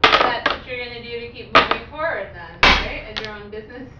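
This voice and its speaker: A woman's voice: a little high, animated, brisk, very noisy. A woman host in casual chat who asks short, encouraging questions of her guests. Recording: distant mic in an echoey room with loud dish clatter.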